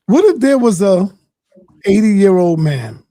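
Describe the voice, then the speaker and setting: A man's voice: high-pitched, sing-song, slow pace, mellow, no room sound, clean studio sound. A man moderating a streamed debate, pressing a guest with pointed questions.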